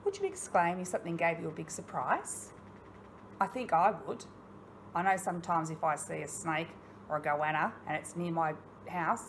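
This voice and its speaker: Speaking directly to her young pupils in a recorded online lesson, this Australian primary school teacher asks questions and sounds encouraging and expressive. Her voice is on the low side, her intonation lively, her pace moderate, with slight background noise.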